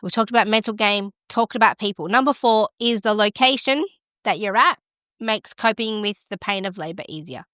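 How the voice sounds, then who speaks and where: A woman's voice: medium pitch, moderate pace, fairly bright tone, dry recording, studio quality. A middle-aged woman hosting a midwifery podcast, giving frank, encouraging advice in a conversational way. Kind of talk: casual advice talk.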